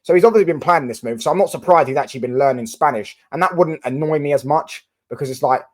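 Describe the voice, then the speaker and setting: Rambling Mancunian young man, slightly high. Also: quick pace. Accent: Mancunian English. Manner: rambling, swears, restarts often. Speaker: football channel host. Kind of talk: casual solo reaction commentary.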